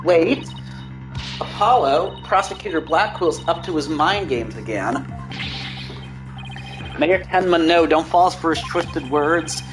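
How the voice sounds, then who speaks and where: A man's voice: on the high side, expressive, slow, long pauses, over music. A man voicing an urgent young woman lawyer. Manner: urgent, pleading.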